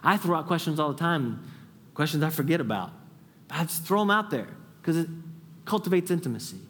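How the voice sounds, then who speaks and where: A pastor delivering a sermon in a church, his voice sitting a little higher than most men's. He talks earnestly, rising to urgent peaks and sinking to near-whispers for prayers. The sound carries a long reverb tail from the large hall. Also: animated, brisk, a little hiss or hum. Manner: earnest, rises to an urgent high pitch when stressing a point; drops to a soft hush when voicing a prayer. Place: church sanctuary.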